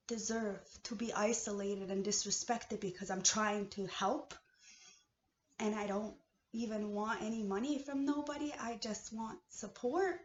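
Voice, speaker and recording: A woman from Canada in a heated, profane personal rant, swinging between low muttering and shouting. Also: steady tone, measured pace, slight background noise. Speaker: vlogger. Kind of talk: emotional personal rant to camera. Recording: echoey room, dull lo-fi sound.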